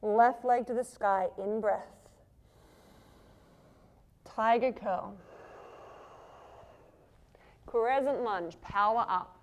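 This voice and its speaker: Slow-cueing woman yoga teacher. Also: fairly high pitch. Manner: calm cueing of poses and breath. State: breathing heavily while moving. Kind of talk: guiding a yoga flow.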